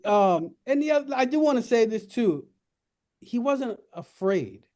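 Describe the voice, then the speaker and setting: Male radio host, high-pitched, heartfelt and animated on air. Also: a little slow. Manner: earnest, reverent, then lively and laughing. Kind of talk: casual radio talk. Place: radio studio.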